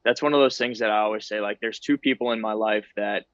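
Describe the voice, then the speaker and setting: A man's voice: fairly low pitch, fairly even intonation, quick pace, a bit bright, no room sound, muffled recording. A man in his thirties, a guest on a podcast, talking in an easygoing, self-deprecating way. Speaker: guest ballplayer. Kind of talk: casual interview chat.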